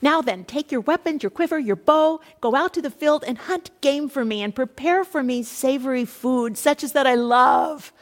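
A woman's voice: sits high, normal speed, hardly any pauses. A woman reading as an old blind father. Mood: solemn. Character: elderly blind patriarch father. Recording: echoey hall reverb.

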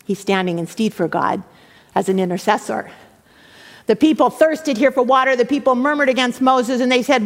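A woman preaching a sermon, reading scripture dramatically and emphatically, with sudden hushed drops. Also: a little high, moderate pace. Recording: long hall reverb.

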